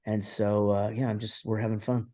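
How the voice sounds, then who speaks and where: A man's voice: fairly low pitch, level tone, normal speed, mellow. A middle-aged man from Texas, a guest musician, talking in a casual interview, rambling with plenty of fillers and restarts. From Texas, USA.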